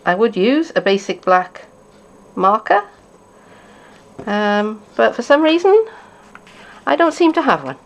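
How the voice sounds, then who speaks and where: A woman demonstrating card-making, chatting and thinking aloud as she works, sometimes dropping to a quiet mutter. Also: on the high side, sing-song, takes it slowly, long pauses. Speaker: craft demonstrator.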